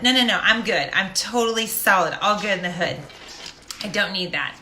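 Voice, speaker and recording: A woman's voice: medium pitch, lively intonation, moderate pace, sharp tone. A middle-aged woman telling a personal story to a live audience in a casual, jokey, self-deprecating way. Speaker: host of a live stream. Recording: echoey room.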